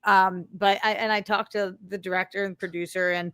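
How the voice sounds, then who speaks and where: A woman's voice: mid-range voice, flat delivery, moderate pace, a bit bright, clean tone, no echo, studio quality. A woman co-hosting a casual chat show, chatty and playful, joking about herself and her acting work. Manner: chatty and playful, jokes and laughs often. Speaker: co-host and actress.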